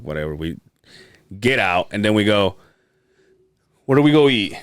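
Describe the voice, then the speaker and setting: Man, podcast host, casual swearing storyteller, lively pitch, dry close sound. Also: normal speed, smooth, no echo. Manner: profane, animated storyteller, acts out quotes with laughs.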